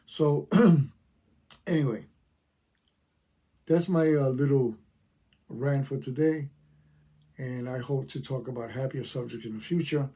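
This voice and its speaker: A man's voice: mid-range voice, takes it slowly, pauses often, mellow, slightly rough. An older man, a veteran, ranting passionately to his channel's viewers, talking emphatically and repeating himself. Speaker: veteran YouTuber. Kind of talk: opinion rant to camera.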